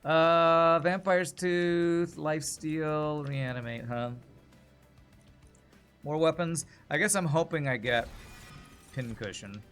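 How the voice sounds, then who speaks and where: A man's voice: on the high side, slow pace, pauses often, a bit bright, smooth, faint music behind. A man streaming a card game, chatting casually and thinking aloud about his moves. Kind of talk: casual gameplay commentary.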